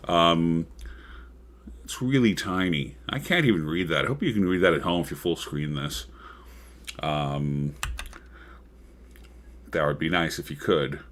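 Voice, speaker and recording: A man's voice: low-pitched, unhurried, long pauses, a bit bright. A man hosting his own livestream talk show, chatting casually about politics with frequent ums and rambling asides.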